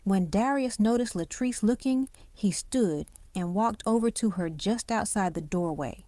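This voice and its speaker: A woman's voice: mid-range voice, a little slow, few pauses, mellow, dry recording. A woman narrating a hospital drama story, voicing each character's lines herself.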